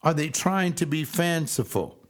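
An older man preaching a sermon over a webcast, fervent, swinging between loud exclaiming and slow, low emphasis. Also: lively intonation.

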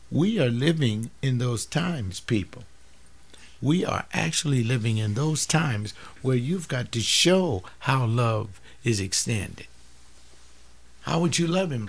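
Brief: older male preacher, gravelly, impassioned, drops from loud appeals to near-whispers. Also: medium pitch. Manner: acts out family dialogues, swings from loud to hushed. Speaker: teacher giving a sermon-like talk.

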